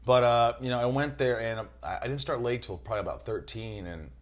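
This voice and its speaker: A middle-aged man from New York chatting as a podcast guest, telling animated stories, swearing freely and acting out other people's voices. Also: medium pitch, brisk. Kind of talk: casual podcast chat.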